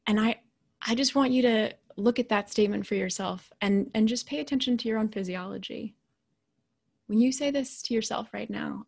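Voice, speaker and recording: Telling a personal story during a motivational keynote, this leadership coach in her thirties or forties sounds conversational and animated, dropping into hushed asides now and then. Her voice is on the high side, breathy with some vocal fry, at a moderate pace.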